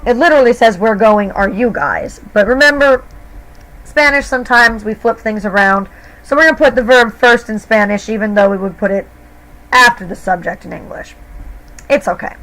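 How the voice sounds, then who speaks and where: A woman's voice: on the high side, fairly quick, a bit bright, low-quality recording. A woman teacher explaining grammar to her students patiently, step by step, in a recorded lesson. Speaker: Spanish teacher.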